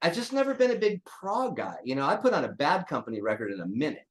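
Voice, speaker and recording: A man's voice: a little high, very animated, fast. An older man, a drummer being interviewed, talking bluntly and casually with jokes and swearing. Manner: blunt, joking, swears freely. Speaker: drummer guest.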